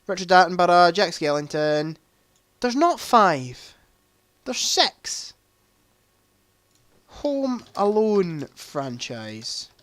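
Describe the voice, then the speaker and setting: A man's voice: sits high, clear, resonant tone, no echo, clean studio sound. A young man hosting a casual livestream quiz, chatty, reading out answer options and adding joking asides. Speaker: livestream host.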